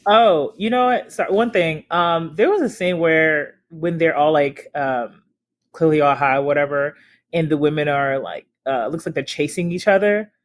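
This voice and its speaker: A man with a fairly high voice breaks in on a film podcast with a quick aside. He speaks casually and a little haltingly, with filler words as he works out his point. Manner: brief backchannels, then quick asides. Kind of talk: casual discussion.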